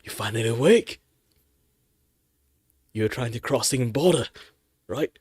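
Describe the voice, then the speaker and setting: A man voicing a gruff, friendly young Nord soldier from a fantasy game, calling out loudly. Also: medium pitch, lively intonation, unhurried, no room sound, studio quality. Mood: hearty.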